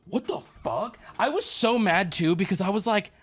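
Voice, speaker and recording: A man's voice: high-pitched, normal speed, breathy edge, faint music behind. A male streamer telling a story in a casual, profane rant, acting out the people he quotes. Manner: animated, profane, acts out quoted voices.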